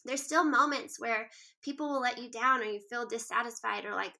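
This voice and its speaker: Bright-voiced earnest woman in her thirties. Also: a little high, steady tone, fairly quick, gravelly. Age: 30s. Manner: earnest and reflective, filler-heavy. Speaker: guest author. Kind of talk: casual interview conversation.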